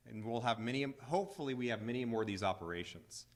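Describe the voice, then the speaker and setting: A man's voice: mid-range voice, fast, hardly any pauses. A man who is a county attorney, speaking firmly at a press conference and repeating his key points for emphasis.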